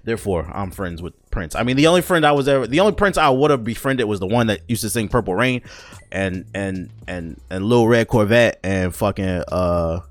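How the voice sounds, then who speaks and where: Guy doing a solo podcast rant, swears a lot, rambles, kinda low voice, dry sound. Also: animated, a little fast, no room sound. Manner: profane, joking, rambling with restarts. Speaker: podcast host.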